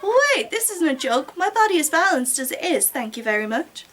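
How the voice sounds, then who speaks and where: A woman's voice: sits high, very animated, moderate pace, fairly bright tone. A woman reading the lines of a defiant young woman who aspires to draw manga, in an indignant tone.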